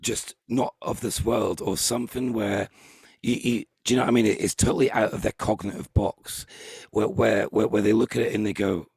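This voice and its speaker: A man hosting a casual group chat, talking in halting bursts full of restarts. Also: lowish voice, fairly even intonation, gravelly, darkish tone, slightly rough, no room sound. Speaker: host.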